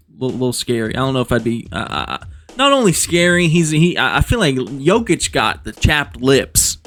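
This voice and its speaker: A man doing joking casual commentary as a vlogger, rambling, profane and amused at himself. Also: mid-range voice.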